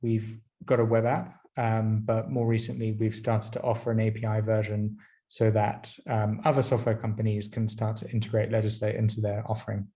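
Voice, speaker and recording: A man from France, a company founder and guest on a podcast, explaining his business in a steady, explanatory way. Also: lowish voice, moderate pace. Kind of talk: interview answers.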